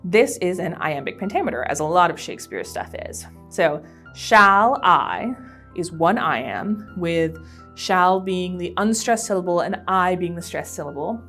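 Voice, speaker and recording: A woman's voice: lowish voice, expressive, normal speed. A woman presenting a library teen craft tutorial, explaining each step in a friendly, casual way. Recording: soft background piano music.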